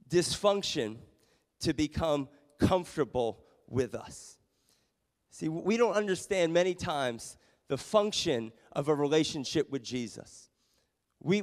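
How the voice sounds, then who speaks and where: A man pastor preaching a sermon and telling a personal story in a lively, self-mocking way, recorded in a church sanctuary. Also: fairly high pitch. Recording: long reverb of a church hall.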